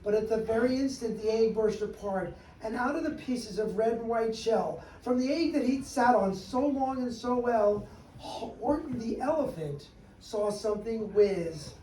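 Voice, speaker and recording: A man entertains a room of kids, reading rhymes aloud and teasing volunteers in a playful, coaxing voice. He is picked up by a distant mic that catches the room's echo and a steady hum of background noise. His pitch sits in a middle range. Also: measured pace. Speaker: costumed storyteller for children. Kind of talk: rhyming read-aloud and sing-along with kids.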